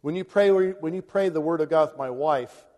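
A man's voice: a little high, moderate pace, darkish tone. A man preaching a conversational sermon to a large congregation, chuckling now and then between points. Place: large hall before a congregation. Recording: long hall reverb.

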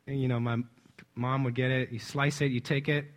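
A man's voice: medium pitch, little pitch movement, moderate pace. A man preaching in a conversational way, stressing words with emphasis and chuckling often. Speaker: church speaker. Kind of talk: conversational sermon.

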